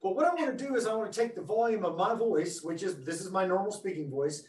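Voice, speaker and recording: Speaking quickly with hardly any pauses, a man with a fairly high voice runs a lively webinar demo from his classroom, joking enthusiastically and talking straight to viewers. As an education technology presenter, he's captured by distant conference microphones around the room, giving an echoey, roomy sound with slight background noise.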